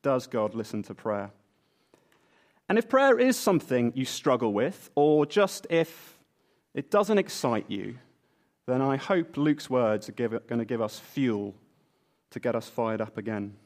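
A man preaching a sermon at the front of a church, telling a Bible story in a playful, animated way. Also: mid-range voice, measured pace.

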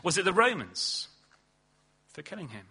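Earnest preacher, bright voice. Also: male voice, big pitch swings, breathy edge. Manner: earnest, rising to emphatic stresses then dropping low and slow. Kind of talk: sermon. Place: church hall.

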